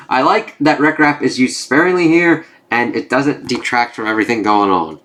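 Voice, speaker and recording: A man's voice: mid-range voice, normal speed, hardly any pauses, a bit bright. A young man talking casually in a rambling video review, swearing freely and filling gaps with "like". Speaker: comic book reviewer.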